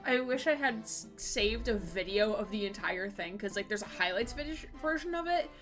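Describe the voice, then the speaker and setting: A woman's voice: mid-range voice, expressive, fairly bright tone, faint music behind. A woman streaming a game live, chatting casually with her viewers and often laughing. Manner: giggly, chatty, quick asides to chat. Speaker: Twitch streamer playing a game with a voice partner.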